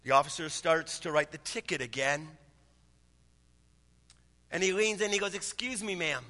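A man's voice: a little high, moderate pace, pushed and bright, in a large hall. A man in his thirties, a pastor preaching a sermon in a conversational, storytelling way. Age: 30s.

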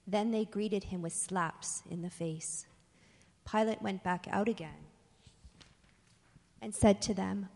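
Woman reading scripture aloud, even unhurried delivery, gravelly texture, long reverb. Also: medium pitch. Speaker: scripture reader.

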